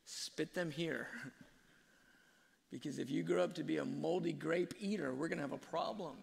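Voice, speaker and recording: A man voicing a patient, loving father figure who corrects with calm, gentle firmness. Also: on the high side, moderate pace, gravelly, husky, voice pushed up, exaggerated voice. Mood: gently firm. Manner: calm, gently firm reassurance. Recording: long hall reverb.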